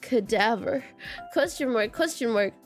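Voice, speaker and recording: A woman's voice: on the high side, lively intonation, a little slow, soft background music. A young woman streamer in casual chat, reading viewer comments aloud with giggles and a habit of repeating "question mark".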